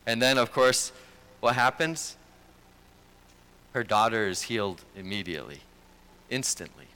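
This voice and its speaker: A man's voice: mid-range voice, animated, unhurried, bright, forceful tone. A man preaching a sermon as pastor, speaking in an earnest, conversational way.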